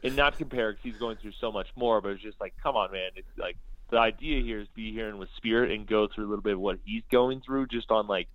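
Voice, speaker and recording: Low-voiced man telling a lively story. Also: fast talker, no echo. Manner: lively, acts out quoted dialogue. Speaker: podcast guest. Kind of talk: casual storytelling. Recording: dull lo-fi sound.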